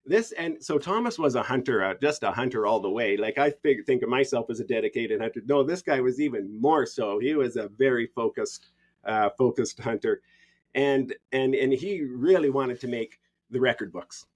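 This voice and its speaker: A man, a podcast guest telling stories in a relaxed, rambling way with frequent laughs. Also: medium pitch, normal speed. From Canada. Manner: easygoing, rambling, laughs often. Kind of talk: casual storytelling.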